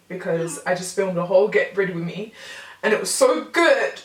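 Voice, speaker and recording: A woman's voice: lowish voice, normal speed. A young woman chatting casually and slangily to her viewers in a get-ready-with-me vlog, recorded at home. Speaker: beauty vlogger. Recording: echoey room, mic at a distance.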